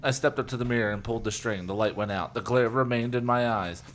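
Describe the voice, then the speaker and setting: A man co-hosting a comedy podcast, reading a children's book aloud with playful asides. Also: mid-range voice. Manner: playful, laughing, quick asides. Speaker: podcast co-host.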